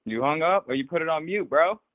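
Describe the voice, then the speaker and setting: A man's voice: on the high side, expressive, brisk. A man in his twenties calling into a stream, laid-back and slangy. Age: 20s. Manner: laid-back slang, calls everyone bro. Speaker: caller. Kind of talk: casual phone call. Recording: tinny phone line.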